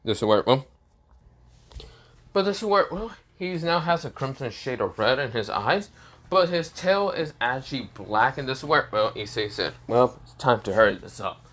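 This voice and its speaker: A man's voice: medium pitch, big pitch swings, normal speed, fairly bright tone. A man casually narrating a fan story off the cuff, rambling with many fillers and restarts.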